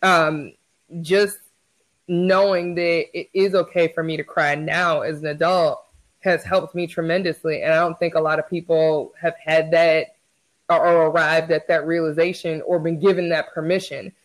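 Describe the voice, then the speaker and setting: A podcast co-host chats candidly in a slightly high, flat voice at normal speed, and the audio is poor. He keeps restarting sentences, repeating words as he begins them.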